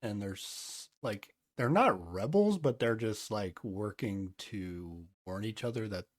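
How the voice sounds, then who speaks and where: A man's voice: lowish voice, expressive, slow. A man co-hosting a podcast in casual chat, hedging often and sounding unsure of himself. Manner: hedging and unsure, many "I don't know"s. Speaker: podcast co-host.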